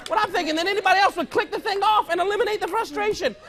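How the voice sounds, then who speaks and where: A man's voice: very high-pitched, rapid-fire, fairly bright tone, some chatter behind, slight background noise. A male pastor giving a conversational, humorous sermon, telling stories from home and often laughing as he talks. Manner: storytelling, mimics household conversations, often laughing.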